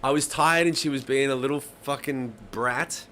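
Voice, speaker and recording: A man's voice: mid-range voice, moderate pace, a little hiss or hum. A man, telling stories in a casual live-stream chat and acting out the voices of the people in them. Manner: animated storyteller, swears a lot, acts out voices. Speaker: host of a live songwriting stream.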